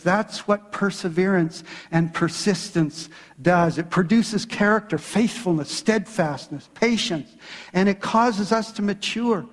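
High-voiced pastor preaching in a hall. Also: male voice. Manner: preaching with dramatic retellings and voiced quotes. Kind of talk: sermon.

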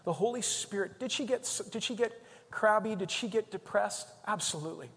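High-voiced preaching man in an echoey hall. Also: a little fast, husky. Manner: animated storytelling, swinging between loud and soft. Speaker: pastor. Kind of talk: sermon.

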